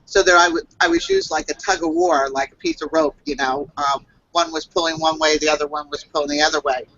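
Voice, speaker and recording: A woman who works as a psychic reader tells a personal story on a video call, halting and earnest, with many fillers and restarts. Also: deep voice, fairly even intonation, fairly bright tone, no echo, lo-fi sound.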